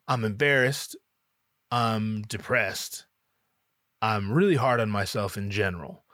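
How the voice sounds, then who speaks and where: A man's voice: fairly low pitch, a little slow, long pauses, sharp tone, dry recording, studio quality. Candid, swearing man telling a story. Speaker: rapper. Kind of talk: casual personal storytelling.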